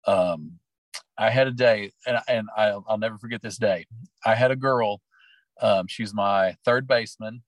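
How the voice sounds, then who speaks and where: A man's voice: lowish voice, unhurried, no room sound, rough recording. A middle-aged man from Oklahoma, a teacher and sports coach, telling personal stories in an interview in an earnest, heartfelt, rambling way. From Oklahoma, USA.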